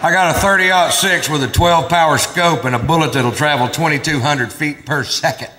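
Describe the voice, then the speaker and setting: A man's voice: fairly high pitch, normal speed, music in the background, crowd noise, close to an everyday voice. A Texan man playing his boastful redneck hunter cousin. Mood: bragging. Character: boastful male redneck hunter cousin bragging about a kill. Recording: reverberant stage recording with audience noise.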